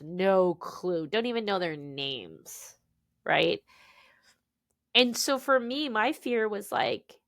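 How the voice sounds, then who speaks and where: A woman's voice: mid-range voice, measured pace, no echo, studio quality. A woman author as a podcast guest, telling her story candidly and animatedly, often tagging lines with "right?". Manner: animated, peppers speech with "right?" and "dude".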